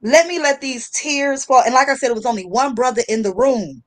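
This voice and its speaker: High-voiced woman telling a story. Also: fairly quick. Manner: animated storyteller, acting out voices. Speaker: livestream guest. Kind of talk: casual storytelling chat.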